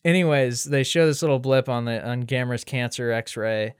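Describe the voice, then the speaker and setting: A man in casual movie chat, talking with wry deadpan asides that sometimes burst into loud mock outrage. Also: mid-range voice, moderate pace, clean tone, no room sound, studio quality.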